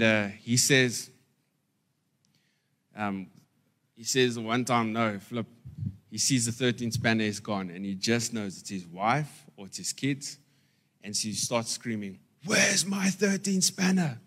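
A man preaching a sermon as pastor, emphatic and repeating key phrases, his loudness rising and falling. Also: lowish voice.

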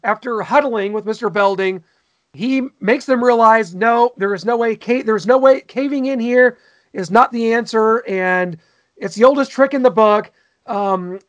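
Male co-host, high-pitched, enthusiastic and gushing, casual podcast chat. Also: a little slow, dull audio. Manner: enthusiastic, gushing, frequent fillers. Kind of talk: casual chat reviewing an old sitcom.

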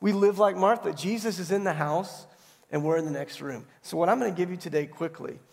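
Man, pastor, hoarse gravelly voice, fairly high pitch, conversational sermon, long church reverb. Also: a little fast. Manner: conversational storytelling, tag questions like "right?". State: hoarse from allergies. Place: church sanctuary.

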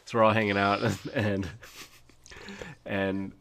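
A young man casually telling gaming stories, animated and laughing as he goes. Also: fairly low pitch, slow. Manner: animated, laughing storyteller who shouts quoted lines. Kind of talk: casual storytelling.

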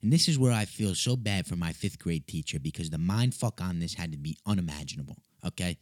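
A man's voice: deep voice, lively intonation, brisk, dry recording, clean studio sound. A young man telling a funny personal story in a loose, profane way, full of filler words. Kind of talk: casual comedic storytelling.

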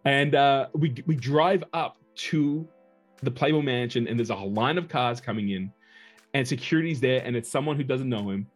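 Guy on a podcast spinning a long rambling story, mid pitch, faint music in back. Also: normal speed. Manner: chatty, digressive storyteller. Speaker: podcast guest. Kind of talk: casual anecdotal storytelling.

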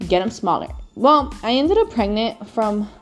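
A woman's voice: on the high side, big pitch swings, normal speed, faint music behind. A young woman vlogging, telling a personal story in a candid, rambling way with frequent swearing. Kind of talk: casual storytelling.

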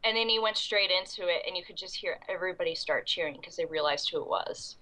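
A woman's voice: fairly low pitch, fast, bright, forceful tone, low-quality recording. A young adult woman with a cold and coughing fits, recapping a convention in a rambling, casual podcast chat full of ums and restarts. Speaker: convention goer recapping the event.

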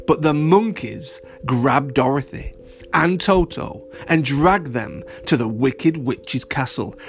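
A man narrating a children's story, animated and playful, speaking straight to young listeners. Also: medium pitch, takes it slowly, vocal fry, faint music behind.

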